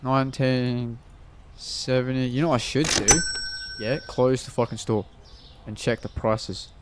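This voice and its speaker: Foul-mouthed gamer muttering. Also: male voice, medium pitch, steady tone, a little slow, slight background noise. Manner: swears constantly, mutters prices while counting change. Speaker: gaming channel host. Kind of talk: casual gameplay commentary.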